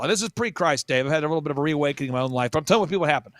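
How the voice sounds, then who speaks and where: A man talking as a guest in animated, mocking storytelling, energetic and full of quick asides. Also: on the high side, no echo. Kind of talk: animated storytelling in casual chat.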